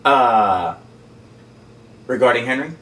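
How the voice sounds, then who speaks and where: A man's voice: medium pitch, fairly bright tone. Playful jokey man on a podcast. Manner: playful, jokey, halting restarts. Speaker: podcast co-host. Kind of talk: casual chat. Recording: roomy sound, distant mic, faint room noise.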